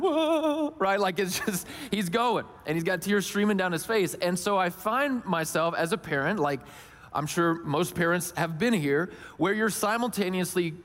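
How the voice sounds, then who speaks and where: A man in his thirties giving a conversational sermon, telling a personal story with animated quotes. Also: sits high, in a large hall. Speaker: pastor.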